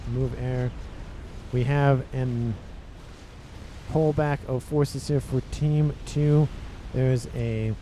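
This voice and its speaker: Male game commentator, mellow tone, rambling, self-correcting, exasperated questions, faint background hiss. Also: medium pitch. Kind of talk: casual video game commentary.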